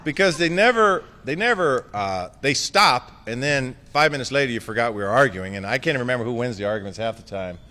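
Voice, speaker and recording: A man's voice: medium pitch, expressive, fairly quick, few pauses, bright, forceful tone, in a large hall, a little hiss or hum. A man giving a concession speech as outgoing mayor. He jokes and thanks people by name with affection.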